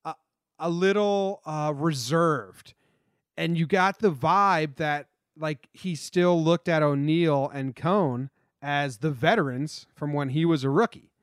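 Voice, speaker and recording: A man's voice: on the high side, slow, clear, resonant tone, no room sound, studio quality. A young man co-hosting a casual sports podcast, chatty and meandering with lots of fillers. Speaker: podcast co-host.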